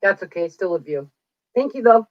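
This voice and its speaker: A woman's voice: mid-range voice, expressive, moderate pace, no echo. A woman in her forties chatting casually on a livestream, telling stories bluntly and swearing freely. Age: 40s. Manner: blunt, profane storytelling. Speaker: livestream host. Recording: dull lo-fi dry sound.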